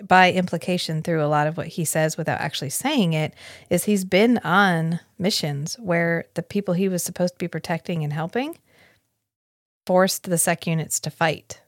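A woman's voice: on the low side, fairly even intonation, no room sound, clean studio sound. A woman co-hosting a podcast, chatting casually and thoughtfully about a book. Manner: reflective, quotes characters in quick asides. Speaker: podcast co-host. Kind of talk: casual book-club chat.

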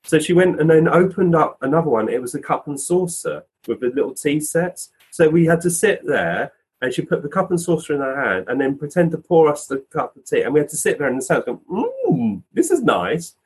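Male guest medium, husky, animated anecdote-teller. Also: on the high side, a little fast, hardly any pauses, rough recording. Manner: animated storyteller, acts out quoted voices. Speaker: physical medium, podcast guest. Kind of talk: casual anecdotal storytelling.

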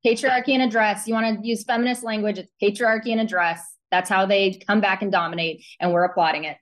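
A woman's voice: medium pitch, fairly even intonation, fast. A woman guest on a talk show, arguing emphatically and building her points with vivid analogies. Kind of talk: opinionated talk show chat.

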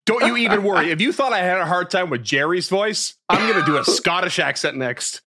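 A man's voice: sits high, lively intonation, a little fast, bright, forceful tone, slight background noise. A man playing in a tabletop game podcast, joking with the others, stammering and laughing often. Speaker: player. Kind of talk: casual chat at a game table.

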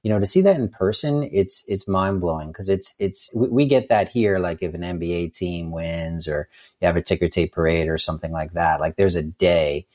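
A man's voice: sits low, normal speed, darkish tone. A middle-aged man, a soccer coach co-hosting, talking eagerly and repeating words as he goes. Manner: enthusiastic, repeats words as he talks. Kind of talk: casual chat.

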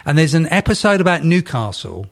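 A man's voice: fairly high pitch, big pitch swings, a little fast, creaky. A man co-hosting a podcast in casual chat, rambling and breaking off mid-sentence as he tells stories. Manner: rambling, self-interrupting storyteller. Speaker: podcast co-host.

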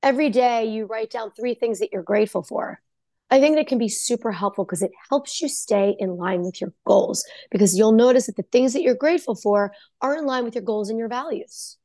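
A woman's voice: a little high, fairly quick, mellow, dry recording, studio quality. A woman psychologist guesting on a podcast, explaining earnestly and emphatically in casual talk, her voice still touched by a recent cold. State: post-cold voice.

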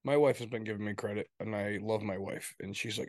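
A man's voice: on the low side, steady tone, fast talker, a little mellow, no echo, studio quality. A man co-hosting a podcast in casual chat, rambling and swearing, often tagging his points with "right?". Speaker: podcast co-host.

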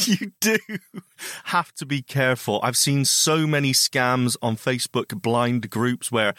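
A man's voice: medium pitch, slow pace, a bit bright, no echo, studio quality. A man co-hosting a podcast in casual chat, teasing his co-host and laughing often.

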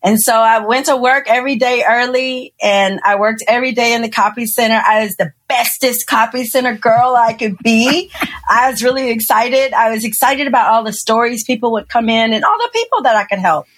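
A woman, a podcast guest telling a personal story with lively acted-out quotes and frequent laughter. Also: fairly high pitch, fairly quick. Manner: animated storyteller, acts out quotes, laughs often. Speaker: podcast guest, engineer and speaker. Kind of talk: storytelling interview.

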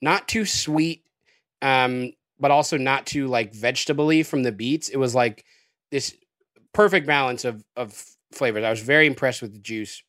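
A man talking loosely on a podcast, hedging and filling gaps with ums and likes. His voice sits at a middle pitch, recorded dry and close with no room around it. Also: normal speed, no room sound. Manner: relaxed, rambling with many fillers. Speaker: guest. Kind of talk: casual podcast chat.

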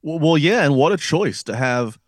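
A man's voice: a little high, lively intonation, moderate pace, no room sound, clean studio sound. A man co-hosting a wrestling podcast, thinking aloud in casual chat with frequent restarts. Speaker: podcast co-host.

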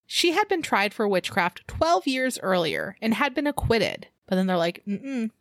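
A woman's voice: medium pitch, very animated, moderate pace, vocal fry, a bit bright, no room sound, studio quality. Chatty young woman podcast host. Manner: chatty, laughs often, reads notes with asides. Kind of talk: casual chat and read history.

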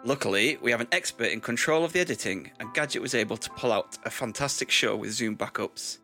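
A man's voice: mid-range voice, quick pace. A man, a podcast host, reading a mock-solemn comic apology with theatrical flair. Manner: theatrical, mock-solemn, building to loud whoops. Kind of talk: scripted comic apology over music. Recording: faint music behind.

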